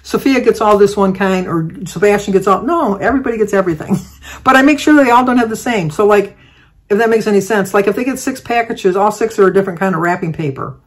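Older woman vlogger, casual rambling storyteller, mid-range pitch, lots of ums and restarts. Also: quick pace. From Michigan, United States. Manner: rambling, chatty, with many fillers and restarts.

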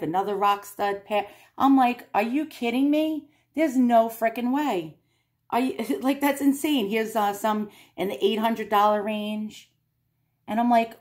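Woman, middle-aged, vlogger, casual chat, rambling, lots of fillers, mid-pitched voice. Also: a little mellow. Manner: chatty and rambling, many fillers and laughs.

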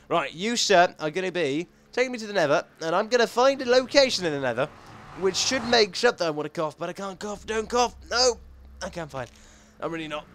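A young man talking to himself as he plays a video game, rambling and excitable, thinking aloud as he goes. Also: fairly high pitch. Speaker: gaming YouTuber. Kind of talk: let's play commentary.

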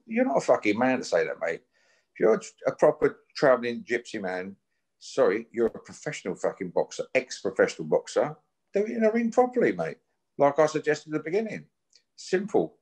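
A man's voice: on the low side, big pitch swings, brisk, a little mellow, slightly rough. A man talks bluntly as a guest in a casual chat. He swears freely and keeps a challenging, confrontational edge throughout. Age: 50s.

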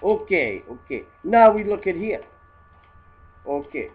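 Guy doing a rude rambling dude, broken english, husky voice, muffled lo-fi home audio. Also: high voice, big pitch swings, measured pace, full character voice. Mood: mocking. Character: crude, rambling immigrant guy mocking photos. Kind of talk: comedy satire monologue.

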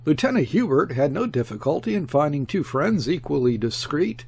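A man narrating a classic novel as an audiobook, with a husky, slightly raspy tone and a gravelly edge. His delivery is animated, and his pitch rises and falls a lot as he reads. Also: normal speed. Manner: expressive, shifts tone for quoted speech. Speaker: audiobook reader. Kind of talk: scripted narration.

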